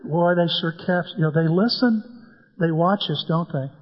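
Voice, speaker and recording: A man's voice: a little high, normal speed. An older man preaching a sermon as pastor, in a folksy way that weaves in stories and humor. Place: church sanctuary. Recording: dull sound with long church-hall reverb.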